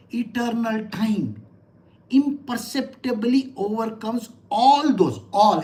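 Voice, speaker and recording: A woman's voice: fairly high pitch, darkish tone. Blunt, emphatic woman teaching scripture. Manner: emphatic, blunt, conversational lecturing. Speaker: spiritual teacher. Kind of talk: scripture discourse.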